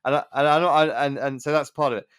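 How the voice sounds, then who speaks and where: A man's voice: medium pitch, steady tone, fast, crowd noise. Rambling man hosting a podcast. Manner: rambling, hesitant, many restarts. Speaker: podcast host. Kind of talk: casual chat.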